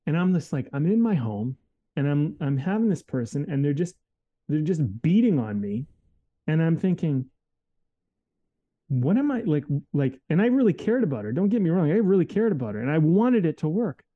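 A man's voice: a little high, big pitch swings, fairly quick, narrow, tinny audio. A man telling a personal story in a casual, reflective way, candid and full of fillers and restarts.

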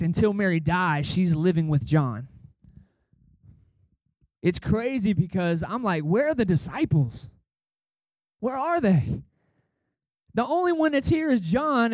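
A man's voice: sits high, a little mellow, dry recording, clean studio sound. A man preaching as a guest pastor, casual and storytelling, who repeats phrases for emphasis. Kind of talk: conversational sermon. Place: church service.

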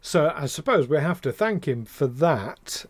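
A man's voice: a little high, lively intonation, measured pace, no echo. A man co-hosting a podcast in casual chat, rambling and getting heated, with the odd swear. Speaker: podcast co-host.

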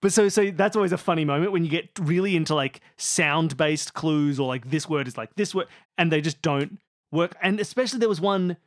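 A man with an Australian accent co-hosting a podcast, explaining things in a rambling, animated way with many restarts. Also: on the high side, fairly quick, no echo, studio quality. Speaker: podcast co-host. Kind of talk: casual chat.

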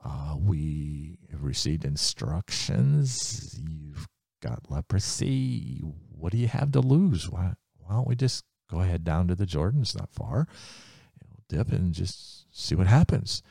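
A man voicing a timid male soldier servant who coaxes softly and hesitantly. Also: sits low, very animated, measured pace, gravelly, slightly rough, no echo, clean studio sound, full character voice. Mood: coaxing. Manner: soft, hesitant, coaxing.

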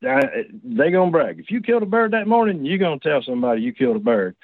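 A man's voice: on the high side, big pitch swings, fast, dry recording. A man tells a personal story in a casual, folksy, rambling way, full of restarts and asides. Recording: tinny dry phone line.

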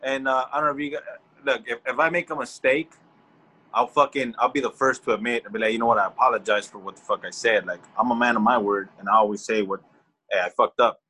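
Male co-host, bright tone, blunt and crude, quick to laugh. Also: medium pitch, fairly even intonation, husky, rough recording. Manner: blunt, heavily profane, laughs often. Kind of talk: casual podcast chat.

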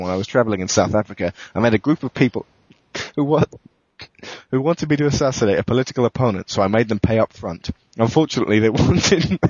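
A man, a podcast host, reading a first-person thriller in a steady, matter-of-fact way. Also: fairly low pitch, slightly rough, no room sound. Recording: dull, dry lo-fi recording.

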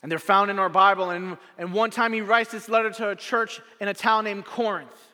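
A man preaching a sermon as a pastor, telling a story with dramatic swings from loud to hushed and repeating his phrases for effect. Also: high-pitched, steady tone, brisk. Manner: repetitive rhetorical phrasing. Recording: long reverb of a large hall.

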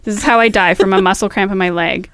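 A woman's voice: mid-range voice, fast, clear, resonant tone, no room sound. A woman in her third trimester co-hosts a casual podcast. She tells her stories frankly and with plenty of life, and swears freely. Her voice sits in an ordinary middle range and sounds dry and close to the mic. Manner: candid, animated storytelling with swearing. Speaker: podcast co-host. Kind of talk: casual chat.

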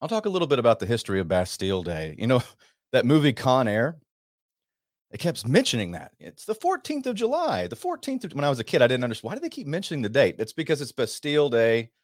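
A man's voice: mid-range voice, very animated, fast, dry recording, clean studio sound. A man hosting a radio talk show, talking in a casual, rambling way with chatty asides.

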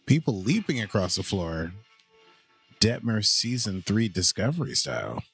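A man's voice: lowish voice, sing-song, fairly bright tone, husky, soft background music. A man co-hosting a podcast, giving jokey, chatty commentary as he watches a movie. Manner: jokey, chatty, quick to laugh at the screen. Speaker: podcast co-host.

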